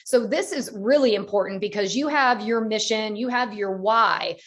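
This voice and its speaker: A woman's voice: mid-range voice, moderate pace. A woman teaching a business-planning session, walking listeners through each step in an encouraging, conversational way. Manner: encouraging, explains step by step with many "you know"s. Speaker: real estate business coach. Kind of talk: instructional webinar talk.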